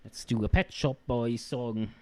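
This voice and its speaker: A man's voice: mid-range voice, fairly even intonation, unhurried, dark tone, faint music behind. An Irish man hosting a podcast, ranting comically and rambling with many filler sounds into a handheld microphone. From Ireland. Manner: rambling, full of "uh" fillers and mock rants. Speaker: podcast host.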